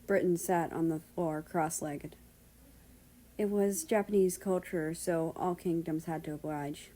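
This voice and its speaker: A woman narrates a fan fiction story in an even, storytelling voice. Her pitch sits low for a woman and stays steady. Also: a little slow, rough recording. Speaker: story reader. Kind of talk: reading fan fiction aloud.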